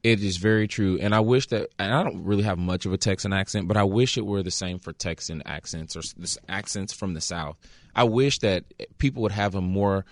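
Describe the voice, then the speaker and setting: Deep voiced radio co-host guy, easygoing, dry close mic. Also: a little fast, dry recording. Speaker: radio co-host, phone screener. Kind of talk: call-in radio chat.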